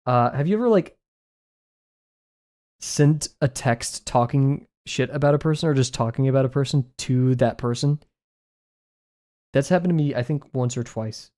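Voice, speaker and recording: Rambling young streamer with a mellow voice. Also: medium pitch, moderate pace, pauses often. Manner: rambling, self-deprecating, muttering to self. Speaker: livestreaming artist. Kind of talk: casual chat while drawing on a livestream.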